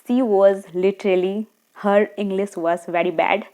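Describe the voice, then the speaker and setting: A woman giving earnest, encouraging speaking tips straight to camera, talking fast at times and checking in with her viewers. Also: mid-range voice, steady tone, a little mellow. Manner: talks fast, sometimes slows down deliberately. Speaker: English-speaking coach. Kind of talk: tutorial monologue to camera.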